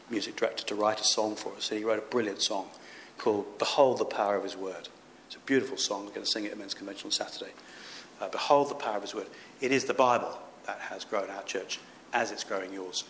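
A man with a fairly low but fairly bright voice preaches a sermon as a pastor, earnest and emphatic, building to rising exhortations. The recording has an echoey room sound with faint background noise.

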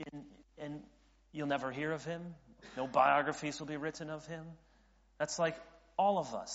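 A man's voice: medium pitch, fairly bright tone. Earnest male pastor in a reverberant hall. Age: late 30s. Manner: earnest, with frequent restarts and rising intensity. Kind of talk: sermon. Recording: dull audio in a reverberant hall.

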